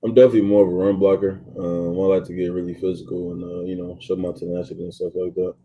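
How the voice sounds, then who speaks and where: A young man in his twenties, a college football player, giving relaxed interview answers full of ums and you-knows. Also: low voice, fast talker, dull audio, a little hiss or hum. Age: 20s. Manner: laid-back, many ums and you-knows. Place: athletes' training facility.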